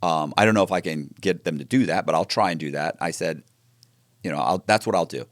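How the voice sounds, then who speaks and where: A man telling his story in an interview, animated and acting out the dialogue with frequent restarts. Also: low voice, brisk, no echo, studio quality. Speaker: interview guest.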